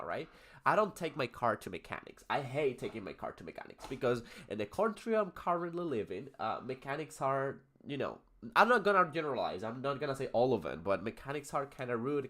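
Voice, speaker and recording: A young man with a Spanish accent and Spanish as his first language runs a casual English lesson on a livestream. He reads passages aloud and then drifts into loose chat, filling gaps with "uh" and "you know" and correcting himself mid-sentence. His voice sits at an ordinary middle pitch for a man. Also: fairly bright tone. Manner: rambling, many fillers and self-corrections.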